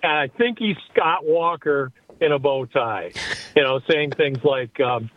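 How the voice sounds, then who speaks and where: A man's voice: fairly high pitch, a little slow. A man calling a radio show from his car, rambling and thinking aloud. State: driving while calling. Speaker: caller. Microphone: phone from a car. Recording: tinny phone line.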